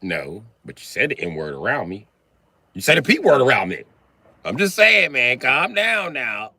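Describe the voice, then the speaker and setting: A man talking casually on a live stream in a profane, animated way, breaking into laughs between remarks. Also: medium pitch, normal speed, no echo.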